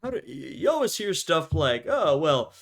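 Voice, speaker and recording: A man's voice: fairly high pitch, big pitch swings, normal speed, creaky, faint music behind. A young man, the host, giving casual commentary on a video and thinking aloud as he talks. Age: young adult. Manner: conversational, thinking aloud with fillers and restarts.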